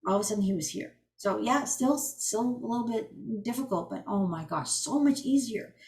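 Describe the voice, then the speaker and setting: A woman's voice: a little high, moderate pace. Chatty woman telling her story. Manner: chatty, animated storytelling with restarts. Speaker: energy healing coach. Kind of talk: personal storytelling on a group call. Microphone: video call.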